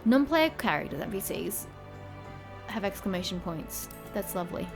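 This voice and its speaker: Woman, casual gaming commentary, chatty, swears a lot, mid-range pitch, faint game music behind. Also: expressive, normal speed, gravelly. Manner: chatty, swears freely, reads game text aloud. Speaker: gamer.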